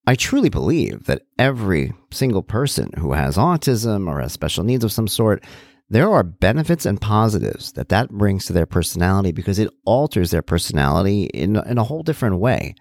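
A man's voice: on the low side, very animated, brisk, gravelly, a little mellow, no room sound. A man hosting a solo talk, reflecting conversationally with many asides and restarts. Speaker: podcast host, parent.

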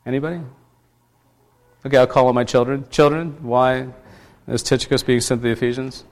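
A pastor with a mid-range voice and fairly even intonation gives a chatty, conversational sermon at a fairly quick pace. He asks the congregation questions and often restarts his sentences, using many fillers.

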